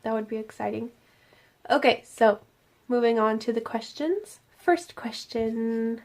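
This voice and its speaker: A woman's voice: a little high, measured pace, darkish tone. A young woman hosting a casual Q&A vlog from her room at home at night, playful and jokey. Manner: playful and jokey, slipping into silly voices. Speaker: YouTuber host.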